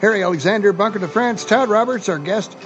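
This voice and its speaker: A man's voice: sits high, fast talker. A man hosting a talk podcast, laughing along and nudging his guest on. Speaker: host. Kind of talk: casual chat. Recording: dull lo-fi sound, music behind.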